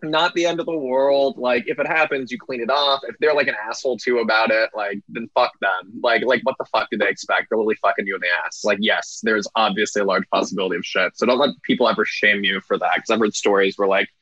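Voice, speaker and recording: A man's voice: fairly low pitch, fairly even intonation, fast, hardly any pauses, bright, forceful tone, no echo. Man guest, blunt and crude storyteller, dull dry video-call sound. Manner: candid, crude, laughing storyteller. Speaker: podcast guest. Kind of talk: casual chat.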